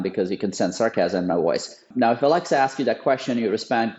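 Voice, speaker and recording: A man's voice: medium pitch, a little fast, hardly any pauses, darkish tone, dull audio. A man guesting on a podcast, explaining his field emphatically with frequent restarts and repeated words. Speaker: guest, voice AI company founder. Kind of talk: podcast interview.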